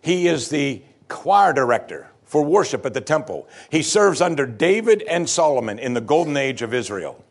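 A man's voice: fairly high pitch, big pitch swings, moderate pace, few pauses. A man preaching a sermon, reading scripture dramatically and explaining it to the congregation. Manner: dramatic scripture reading, rising loud for the psalmist's lament.

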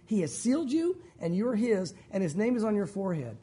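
Husky-voiced man preaching earnestly. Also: high voice, big pitch swings, brisk, warm tone. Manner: earnest, addresses listeners as guys. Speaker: pastor. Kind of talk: sermon.

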